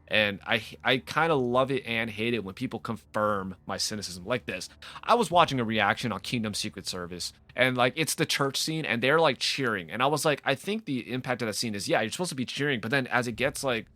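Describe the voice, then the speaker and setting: Man, bright edgy voice, gaming host, rambling rant, swears, trips over his own sentences. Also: mid-range voice, no echo. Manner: rambling, profane, frequent self-interruptions. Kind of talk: casual off-the-cuff rant to camera.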